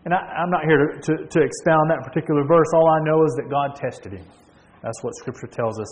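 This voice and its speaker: A man preaches a storytelling sermon in a voice pitched a little high, stressing points and restarting phrases as he goes. His voice carries a long reverb, as if in a large hall. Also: a little fast. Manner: storytelling, with emphatic repeats and restarts.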